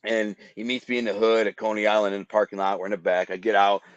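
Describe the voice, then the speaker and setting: A man's voice: on the low side, little pitch movement, quick pace, no echo. Podcast guest, male, vivid storyteller who mimics gunfire; dry lo-fi sound. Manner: vivid, acts out gunshots with sound effects. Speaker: guest telling life stories. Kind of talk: animated storytelling.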